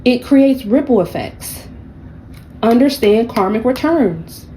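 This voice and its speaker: A woman's voice: fairly high pitch, expressive, slow pace, dark tone, a little hiss or hum, rough recording. A woman giving a casual tarot reading, blunt and profane, with sassy, mocking asides. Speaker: tarot reader.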